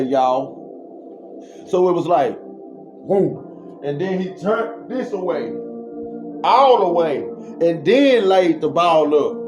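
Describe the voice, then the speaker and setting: A man vlogger telling a story in an animated, slangy way and then preaching, with sound effects he makes himself. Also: on the high side, dull audio. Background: music.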